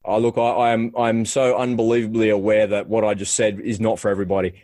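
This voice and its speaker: A man hosting a podcast, chatting casually in quick bursts with frequent restarts. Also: lowish voice, level tone, warm tone, dry recording. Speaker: podcast host. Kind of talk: casual conversational chat.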